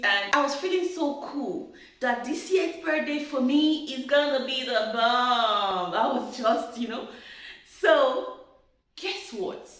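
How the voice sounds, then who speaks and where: A woman giving marriage advice through a personal story, chatty and animated, who laughs often. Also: high-pitched. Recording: very echoey room.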